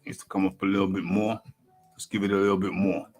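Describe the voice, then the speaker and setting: A man with a low, darkish voice talks fast with little pitch movement. He hosts a casual boxing talk live stream, rambling to himself, reading an article aloud, and referring to himself by name in the third person.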